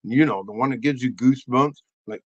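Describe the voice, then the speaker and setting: A man hosting a crude comedic monologue, animated and loud, often breaking into shouts. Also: mid-range voice, a little fast, no echo, lo-fi sound. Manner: animated, crude, bursts into shouts and silly voices. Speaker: comedy host.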